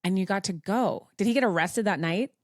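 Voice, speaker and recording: A woman's voice: mid-range voice, fairly quick, no echo, studio quality. A woman hosting a podcast, talking with a guest in an emphatic, supportive way and swearing freely. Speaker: podcast host. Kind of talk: casual interview chat.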